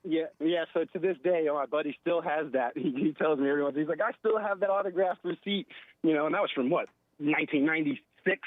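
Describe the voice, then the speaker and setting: Male radio caller, forties, slightly high voice, rambling with lots of ums, dry tinny phone sound. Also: fast talker, no room sound. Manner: rambling with many fillers and laughs. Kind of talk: casual phone-in storytelling.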